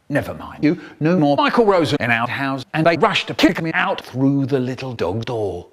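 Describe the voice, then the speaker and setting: A man's voice: medium pitch, sing-song, normal speed, few pauses, soft background music. A man telling comic stories in a theatrical, playful way and acting out the characters. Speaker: storyteller. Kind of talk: comic storytelling.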